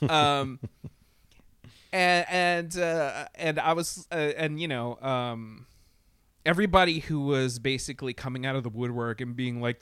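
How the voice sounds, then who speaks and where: A man talking loosely in a casual podcast chat, swearing freely and stumbling over fillers and restarts. His voice sits a little high and sounds smooth and clean. The mic is close and the room is dry. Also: unhurried, no echo. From Latin America. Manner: profane, animated, many fillers and restarts.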